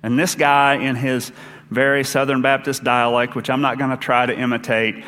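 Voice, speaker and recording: A man's voice: mid-range voice, level tone, moderate pace, pushed and bright, big-room sound. A man with an Eastern Kentucky accent, an associate minister giving a sermon in an earnest, conversational way with personal asides.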